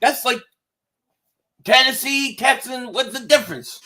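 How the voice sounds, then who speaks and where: Excitable high-voiced male game streamer. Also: a little slow. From Philadelphia area. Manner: loose and excitable, swearing, reading chat aloud. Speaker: streamer reacting to a football game. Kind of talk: casual live-stream chat and play-by-play. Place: home, indoors.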